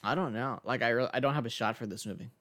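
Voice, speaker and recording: A young man in a middle pitch talks casually about a movie with his co-host. He is easygoing and agreeable, often restarting his sentences as he reacts. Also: fast talker, a bit bright. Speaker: podcast co-host. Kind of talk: casual movie review chat.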